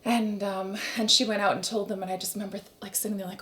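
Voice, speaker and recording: A woman in her thirties talks quickly, her words tumbling out as she tells her own story as a podcast guest. Her voice sits at an ordinary middle pitch. She slips into the voices of the people she quotes and often laughs between lines. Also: fairly bright tone. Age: 30s. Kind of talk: candid storytelling interview.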